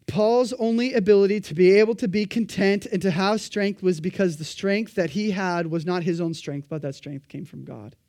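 A man preaching a sermon, animated and emphatic, acting out the voices of the people he quotes. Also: high voice, moderate pace, few pauses, no echo, studio quality.

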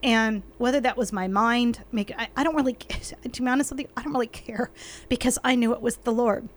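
A woman's voice: a little high, fairly quick. A woman co-hosting a faith podcast, talking in an effusive, emotional way with frequent laughter.

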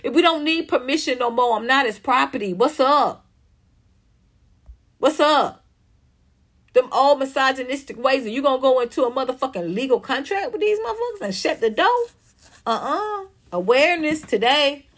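A woman's voice: sits high, lively intonation, brisk, a bit bright. Blunt, profane woman hosting a livestream. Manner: blunt, emphatic, profane, talks back to what she reads. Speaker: livestream host reading chat comments. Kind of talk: casual livestream commentary.

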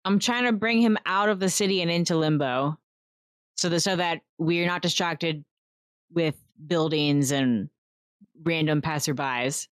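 Woman player, lowish voice, relaxed table chat, close dry mic. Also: unhurried, dry recording. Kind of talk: casual chat at a game table.

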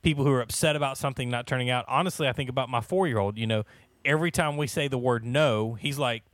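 Man, 30s, laid-back Bible study leader, jokey, laughs a lot, mid pitch. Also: quick pace, fairly bright tone, no echo, studio quality. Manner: joking, laughs often, many restarts. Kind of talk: casual church Bible study chat.

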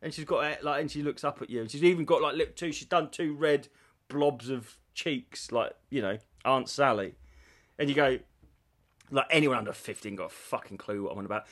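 A man's voice: mid-range voice, brisk, fairly bright tone. A man co-hosting a podcast, telling crude stories in casual chat and acting out other people's voices. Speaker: podcast co-host.

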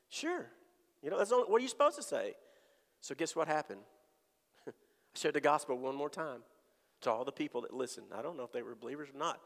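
Gravelly man preaching in a reverberant hall. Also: medium pitch. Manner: animated storytelling with voiced quotes. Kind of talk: sermon testimony.

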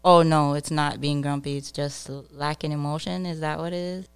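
A woman's voice: low voice, fairly even intonation, moderate pace, clear, resonant tone. A young woman co-hosting a casual podcast, telling stories with lots of giggling and animation. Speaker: podcast co-host.

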